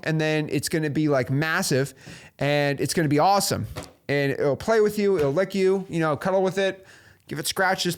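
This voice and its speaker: Lively, high-pitched male host. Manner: animated, preachy, full of "like" and "okay?". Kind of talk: motivational business talk.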